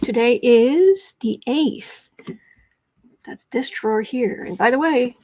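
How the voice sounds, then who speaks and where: A woman's voice: on the high side, slow pace, warm tone. A woman from the United States hosting a casual tarot livestream from home, rambling and chatty, with asides to her cat, speaking into a fixed mic off to one side. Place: home room.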